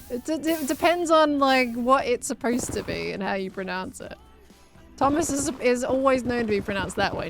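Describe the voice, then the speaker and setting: A woman's voice: fairly high pitch, normal speed, music in the background. A young adult woman streaming casually, answering chat messages and laughing often.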